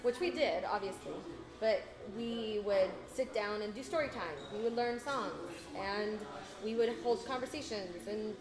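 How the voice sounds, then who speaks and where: An American woman from the United States chats casually, patiently explaining English words and laughing easily. Her voice is medium-pitched and a little slow, and the recording has a roomy echo.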